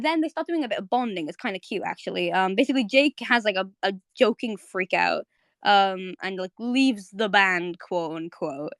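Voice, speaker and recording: A woman's voice: mid-range voice, no echo, clean studio sound. A woman hosting a casual live audio chat, recapping a cartoon episode in a chatty way with many fillers and restarts. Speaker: host.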